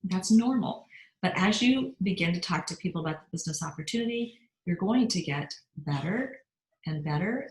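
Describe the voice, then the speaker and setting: A woman's voice: lowish voice, a little mellow. A middle-aged woman giving an upbeat motivational sales training talk and often asking her listeners questions. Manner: upbeat, asks the audience questions. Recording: roomy echo.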